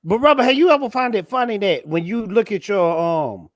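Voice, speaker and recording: A man's voice: high voice, lively intonation, fairly quick, no room sound, clean studio sound. A man chatting casually as a guest on a live stream, laid-back, laughing often and stretching words for emphasis. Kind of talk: casual chat.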